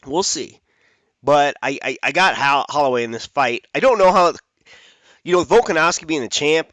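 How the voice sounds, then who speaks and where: A man's voice: medium pitch, fairly bright tone, dry recording. A man hosting a fight-picks show, talking casually and rambling, correcting himself as he goes. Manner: chatty, rambling with restarts and self-corrections. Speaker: MMA fight picks host. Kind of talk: casual fight prediction talk.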